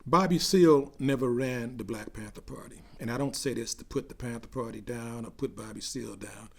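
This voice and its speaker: An older man recounting memories in an oral history interview, growing animated as he tells a story. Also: mid-range voice, fairly quick, vocal fry.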